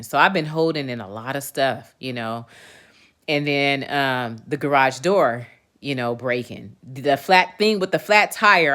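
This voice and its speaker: With a bass, slightly bright voice, a woman in her forties runs a casual livestream where she airs her frustrations to viewers. She swears freely, stays candid and emphatic, regularly checks the chat, and speaks directly to her audience with frequent "you know what I'm saying"s.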